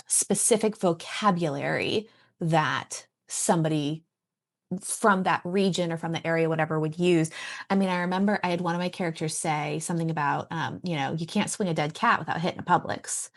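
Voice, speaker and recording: A woman who writes and teaches writing, chatting casually on a podcast and pausing often to find her thoughts. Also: low-pitched, gravelly. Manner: thoughtful, trails off and restarts while thinking.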